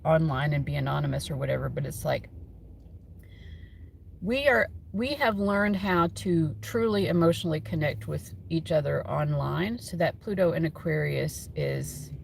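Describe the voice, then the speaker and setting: At a moderate pace, a woman with a low, creaky voice runs a tarot livestream from home on her phone, with a little hiss or hum in the recording. She rambles chattily, laughs often, and leans heavily on fillers.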